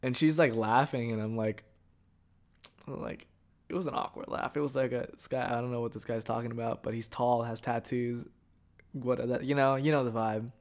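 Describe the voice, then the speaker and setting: A man's voice: mid-range voice, moderate pace. A young man in his twenties hosting a podcast, telling a story casually with lots of swearing and filler words. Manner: profane, rambling, heavy on filler words; mocking, animated. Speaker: podcast host.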